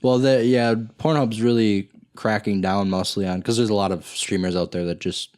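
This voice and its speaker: A young man with a lowish voice chatting casually on a podcast. He rambles in loose runs full of fillers and laughs along with the others. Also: fairly even intonation, normal speed, darkish tone. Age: young adult. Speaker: podcast co-host. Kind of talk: casual chat.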